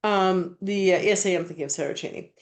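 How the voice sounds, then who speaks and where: A male art historian fields questions on an online panel, his high-pitched voice halting as he searches for words and restarts often.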